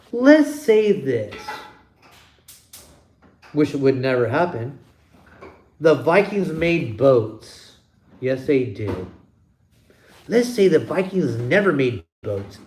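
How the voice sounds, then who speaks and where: A man with a slightly high, darkish voice hosts his own channel. He delivers a blunt opinion rant, swearing heavily and hitting his points with plenty of emphasis.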